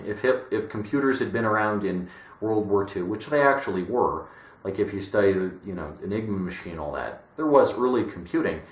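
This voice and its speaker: Young guy ranting, low voice, swears a lot, roomy echo. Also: a bit bright. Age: young adult. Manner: profane, blunt, swings to mocking quoted voices. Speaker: vlogger. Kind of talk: casual ranting monologue. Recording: echoey room.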